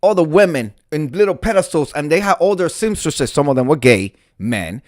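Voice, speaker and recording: A middle-aged man tells a story on his live stream, theatrical and quick to curse. His voice sits a little high for a man and swings widely in pitch. The sound is close and dry. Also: dry recording. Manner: animated, theatrical, swears freely. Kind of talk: storytelling monologue.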